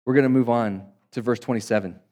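A male pastor preaching a sermon to his congregation, swinging between loud emphatic bursts and quiet, low asides. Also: fairly even intonation, fast. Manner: dynamic preaching, rising loud for emphasis and dropping soft; addresses congregation as guys.

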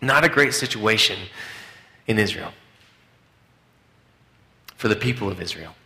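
A man's voice: fairly low pitch, lively intonation, a little slow, creaky, bright, forceful tone. A man preaching a conversational sermon to a congregation, with frequent restarts. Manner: conversational, hesitant, with many restarts. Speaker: pastor. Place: church hall. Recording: echoey church room.

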